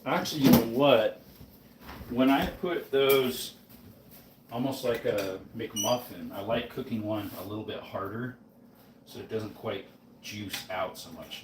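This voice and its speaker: Sleepy guy cooking and rambling to his chat, kinda low voice, mic off a ways in an echoey kitchen. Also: measured pace, long pauses, very noisy. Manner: rambling, chatty, talks to his chat between tasks. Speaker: live streamer cooking breakfast. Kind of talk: casual live-stream chat while cooking. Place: home kitchen, indoors. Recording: roomy kitchen, mic off at a distance.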